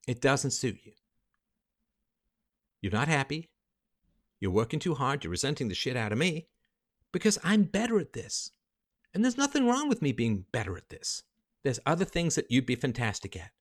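This livestream host delivers an emphatic, lecturing monologue, stepping carefully through a set of numbers. He talks briskly at a medium pitch, with enormous swings in his intonation.

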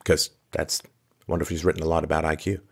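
A man with a low, deep voice rants through a commentary monologue, firing off incredulous rhetorical questions. His delivery is sarcastic and punctuated by weary sighs. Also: level tone, fast, slightly rough. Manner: sighs often. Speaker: podcast host.

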